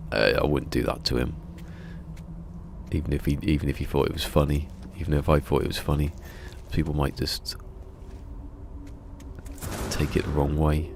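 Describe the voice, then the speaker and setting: A man's voice: rumbling low, vocal fry, a little hiss or hum. An English man streaming a game live, chatting casually in a rambling way, often restarting his sentences. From England.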